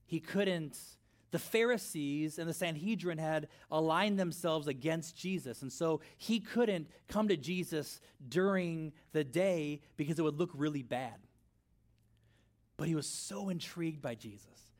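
Middle-aged guy preaching in church, chatty storytelling style, kinda high voice. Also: unhurried. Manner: conversational, animated storytelling with asides. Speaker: pastor. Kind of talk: sermon.

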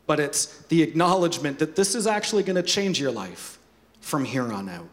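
A man preaching a sermon as pastor, animated, with joking asides and repeated words. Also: fairly high pitch, normal speed.

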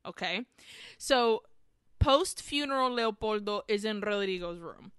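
Podcast lady going thru a movie plot all excited, super bright crisp voice, dry close sound. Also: mid-range voice, unhurried, no echo. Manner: excited, retelling scenes with laughs and restarts. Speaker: podcast co-host. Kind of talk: casual film recap chat.

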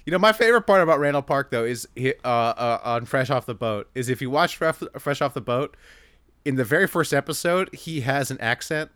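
A man's voice: medium pitch, lively intonation, brisk, fairly bright tone, dry recording. Dry-sounding man hosting a podcast. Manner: joking, riffing, laughs often. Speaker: podcast host. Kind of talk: casual sports podcast chat.

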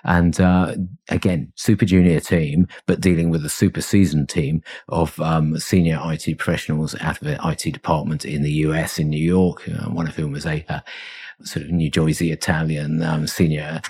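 A man's voice: a bass voice, flat delivery, moderate pace, darkish tone, breathy edge. A middle-aged man, a consultancy founder, talking reflectively in a podcast interview, rambling with fillers and chuckles. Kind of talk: conversational interview.

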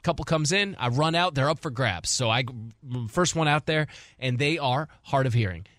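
A man's voice: a little high, moderate pace, dry recording, studio quality. A man in his forties, a sports radio host, telling a long story in casual chat and acting out the people in it. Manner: animated storyteller, acting out quotes. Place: radio studio. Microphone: studio mic.

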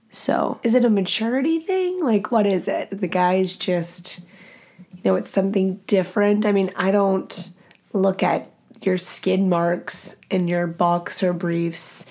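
A woman's voice: medium pitch, darkish tone. A woman in her early thirties hosting her own podcast, talking candidly and profanely in casual solo chat. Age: early 30s. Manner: candid, profane and chatty, with laughs. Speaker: podcast host.

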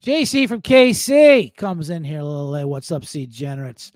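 Male podcast host at home, casual profane monologue, high lively voice, dry sound. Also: moderate pace, no room sound. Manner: profane, jokey, animated rambling.

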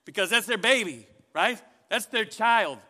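A man preaching a sermon as pastor, speaking in an animated way and questioning his congregation. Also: high-pitched, measured pace, long reverb tail.

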